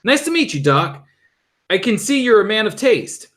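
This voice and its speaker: A wisecracking young male speedster hero, voiced by a man reading a storybook. His voice jumps well above the reader's own, bouncing and playful in pitch. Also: very animated, fairly bright tone. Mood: joking. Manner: joking and quick-witted.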